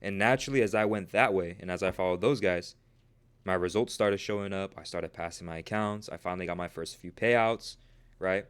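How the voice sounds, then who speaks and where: Casual young man with a smooth voice. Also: deep voice, a little fast. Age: 20s. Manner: casual, peppered with "right?" and "bro"; earnest, motivational. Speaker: trading livestream host. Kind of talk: casual livestream chat.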